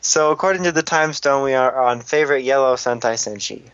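A man co-hosting a podcast, reading listener comments with quick, exasperated jokes. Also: mid-range voice, a bit bright, dry recording. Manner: joking, exasperated, quick asides. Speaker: podcast co-host. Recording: dull lo-fi podcast audio.

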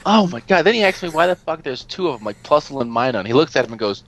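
A man telling a story in casual chat, animated and exasperated, swearing freely and laughing often as he talks. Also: mid-range voice, fast, few pauses, low-quality recording. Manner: laughs often while talking. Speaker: podcast co-host telling a story.

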